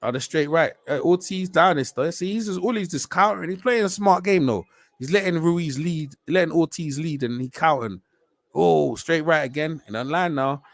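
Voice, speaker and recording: A man's voice: on the high side, normal speed, vocal fry, dry recording. Slangy man calling a fight. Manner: slangy, chatty, rising to excited shouts on big punches. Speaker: live stream fight reaction host. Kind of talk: casual live fight commentary.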